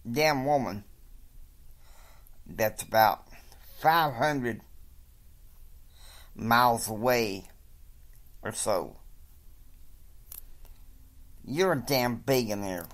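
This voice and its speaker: Man reading out a gruff, swearing billionaire, irritated, slow delivery. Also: medium pitch, lively intonation, a bit bright, full character voice.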